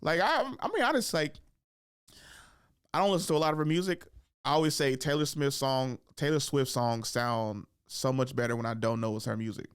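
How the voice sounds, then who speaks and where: A man hosting a podcast, slangy and profane, telling animated stories and acting out quotes. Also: mid-range voice, a little fast, clean tone, dry recording, clean studio sound. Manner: animated storytelling, acts out quotes and drops into whispers. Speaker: podcast host. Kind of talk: casual podcast chat.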